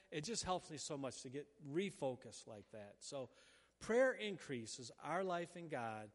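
Man, middle-aged, pastor, conversational sermon, acted-out prayer asides, slightly high voice, echoing church hall. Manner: conversational preaching, acts out prayers in quick asides. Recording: hall reverb.

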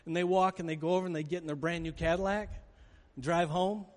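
A pastor with a high voice preaches in a large hall, long reverb trailing each word. He talks fast with fairly even intonation, animatedly acting out the scenes of his story.

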